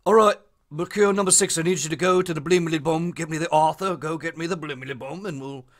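A man putting on the voice of a gruff male gangster from a period crime drama, barking nonsense orders. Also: on the high side, fairly quick, a bit bright, natural voice. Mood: commanding.

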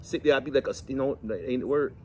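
A middle-aged man, chatting and telling folksy, animated stories to the camera outdoors while cleaning fish. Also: medium pitch, fast. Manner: folksy, animated, preachy asides. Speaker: vlog host. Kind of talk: casual storytelling chat.

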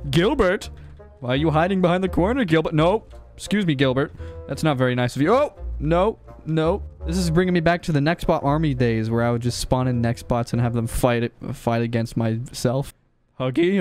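A young man hosting a gaming channel, commenting on his gameplay in an excitable way and yelping and shrieking when startled. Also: fairly high pitch. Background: game music and sound effects.

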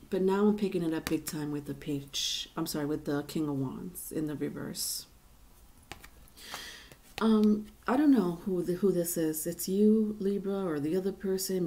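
A woman's voice: lowish voice, mellow. A woman giving a casual tarot reading to viewers, rambling and chatty with many fillers and restarts. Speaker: tarot reader.

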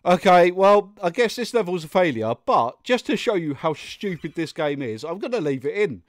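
A man's voice: a little high, big pitch swings, normal speed, no room sound, clean studio sound. Exasperated man narrating gameplay. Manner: exasperated, muttering, frequent laughs and outbursts. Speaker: gaming YouTuber. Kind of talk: let's play commentary.

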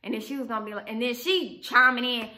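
Profane, animated storytelling woman. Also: fairly high pitch, fast. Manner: animated, profane, addresses viewers directly. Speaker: vlogger. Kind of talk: storytime vlog.

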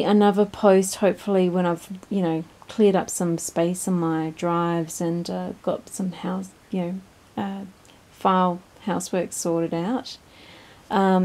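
A woman's voice: on the low side, darkish tone. A woman, chatting casually and rambling in her backyard, often laughing. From Australia. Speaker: vlogger. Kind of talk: casual chat. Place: backyard with ducks and birds, outdoors. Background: birds and ducks.

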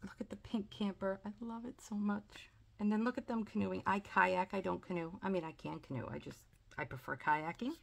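Gushing woman with a gravelly edge. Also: medium pitch, steady tone, a little fast. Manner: chatty and gushing, with frequent "like" and "oh". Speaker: planner and sticker vlogger. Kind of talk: casual unboxing haul chat.

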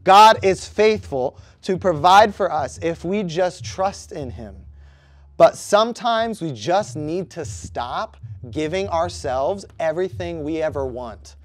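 A man's voice: fairly high pitch, animated, slow, no echo. A young man preaching to a youth group, conversational and asking the room questions. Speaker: youth pastor. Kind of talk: youth sermon.

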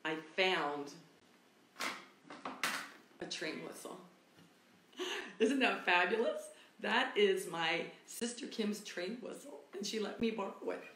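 A woman's voice: medium pitch, takes it slowly, pauses often, a little hiss or hum. A woman teaching a livestreamed kids' music class, cheerful and encouraging. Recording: roomy echo, loud guitar.

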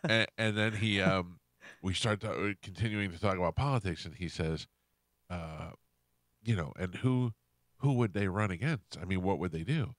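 A man hosting a radio show, telling a story in a casual, animated way and acting out what people said. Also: low-pitched, normal speed, no echo, studio quality. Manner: animated, acts out quotes in shifting voices. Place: radio studio. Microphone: studio microphone.

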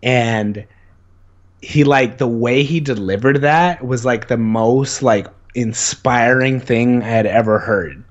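Speaking slowly in a mid-range voice, this young adult man sounds muffled on the recording. As an interview guest in casual conversation, he rambles through his stories with excitement and lots of "like."

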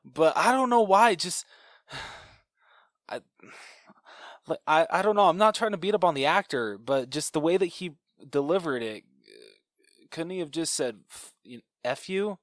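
A man's voice: a little high, lively intonation, measured pace, fairly bright tone, no echo, studio quality. A man co-hosting a podcast in a laid-back, casual chat about a film, reenacting lines and laughing. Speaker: podcast co-host. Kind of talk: casual movie review chat.

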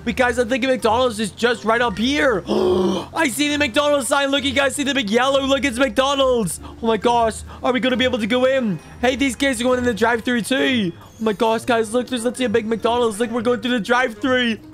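Sounding excited, a man chatters through a game as a greedy, mischievous toddler boy, using a high, squeaky baby voice. He speaks a little fast with hardly any pauses, and faint music plays behind him.

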